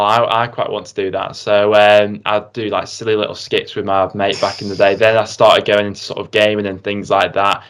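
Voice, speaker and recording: A young man, a guest in a casual football chat, easygoing and thinking aloud with "um" and "sort of". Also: on the low side.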